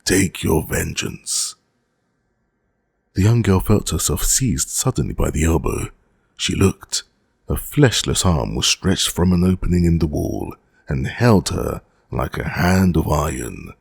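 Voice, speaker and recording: A man narrating a classic novel as an audiobook, in a measured, dramatic reading. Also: sits low, lively intonation, creaky, darkish tone, breathy edge, dry recording, clean studio sound.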